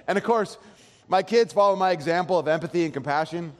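A man's voice: high-pitched, fairly even intonation. A man in his thirties preaching a sermon, telling a family story in a casual, rambling way with many restarts. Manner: soft slow prayer voice. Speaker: pastor. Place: church sanctuary. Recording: long hall reverb.

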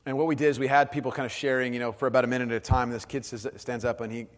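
A man in his thirties preaching a sermon, earnest, moving between hushed and animated storytelling. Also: medium pitch, rapid-fire. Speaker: pastor. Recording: hall with long reverb.

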